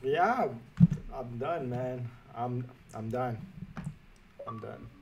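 A man commentating a game pack opening, frustrated and swearing, erupting into shouts now and then. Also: medium pitch, very slow, muffled recording, heavy background noise. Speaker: gaming YouTuber.

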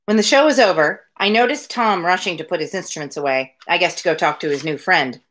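A woman reading a novel aloud from her home on a daily livestream, her voice pitched slightly low. She moves between the narration and casual, chatty asides addressed to her viewers. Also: fairly quick, a bit bright. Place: home room with window blinds.

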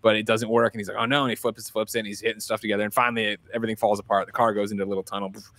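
A man's voice: lowish voice, level tone, rapid-fire, fairly bright tone. A man co-hosting a podcast, casually recapping a film scene by scene, swearing freely and acting out the characters' lines as he goes. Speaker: podcast co-host. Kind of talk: casual movie recap chat. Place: home setup, remote show.

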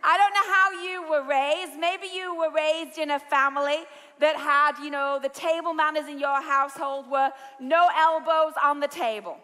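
A British woman preaching a sermon, telling stories with lively energy and rising to shouts. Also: high-pitched, moderate pace. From Britain. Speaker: pastor. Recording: large hall with long reverb.

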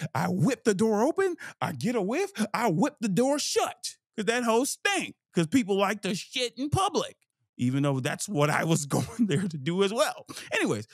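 Animated, profane young man telling stories. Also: sits high, no room sound, studio quality. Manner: animated and profane, acting out scenes and his own inner voice. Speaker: host. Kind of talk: casual storytelling monologue.

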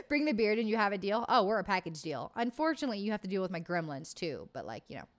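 A woman's voice: mid-range voice, big pitch swings, fast talker. A woman hosting a livestream, chatting casually and reading live comments, bubbly, swearing freely and laughing often. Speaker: livestream host.

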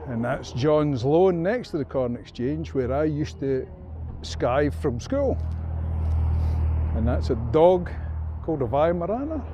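A Scottish man in his fifties, a travel vlogger giving chatty, playful walking-tour commentary on a small-town high street, with quirky made-up words. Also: very animated, a little slow, mellow, a little hiss or hum. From Scotland. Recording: muffled lo-fi street recording.

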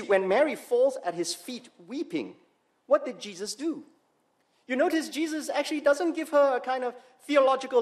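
A male pastor delivering a sermon, emphatic, with slow dramatic pauses on key words and rhetorical questions to the congregation. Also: extremely high pitch.

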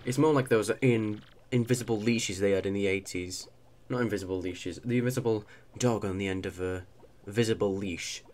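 Sarcastic let's-play commentator. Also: male voice, fairly low pitch, normal speed, darkish tone, slight background noise. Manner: sarcastic, rambling, self-mocking. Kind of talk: casual game commentary with voiced characters.

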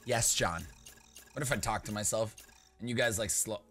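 A young man giving casual, rambling gaming commentary as a YouTuber, joking with viewers and breaking into loud playful outbursts. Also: fairly low pitch, moderate pace, faint music behind.

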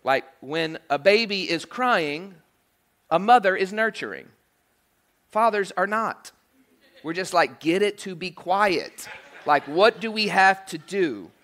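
A male pastor preaching a sermon in a church, animated and joking, with frequent asides like "okay?" and "right?". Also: high voice, takes it slowly. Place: church sanctuary.

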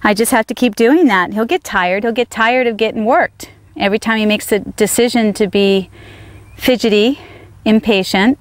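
A woman's voice: a little high, moderate pace. A woman horse trainer giving a riding demonstration outdoors, firmly coaxing her horse with short praise while explaining to viewers.

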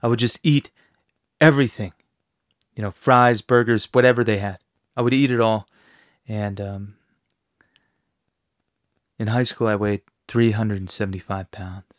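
A man's voice: lowish voice, steady tone, a little slow, long pauses, no echo, studio quality. A man who works as a fitness trainer, talking in a casual podcast interview in a brash, profane and intense way.

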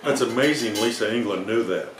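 A man's voice: fairly low pitch, a little fast, roomy sound, a little hiss or hum, low-quality recording. A man chiming in from off camera with dry, joking quips in casual banter. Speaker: off-camera helper.

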